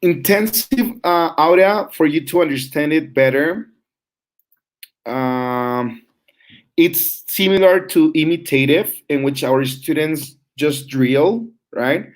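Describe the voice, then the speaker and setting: A man's voice: fairly high pitch, takes it slowly. Man teaching an online class. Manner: explains with frequent "right?" checks and fillers. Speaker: teacher trainer.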